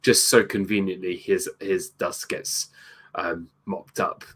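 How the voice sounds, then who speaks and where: A man co-hosting a movie review show, chatting casually about a film with hesitant pauses and dry asides. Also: sits low, flat delivery, fairly bright tone, husky. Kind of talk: casual chat, movie commentary.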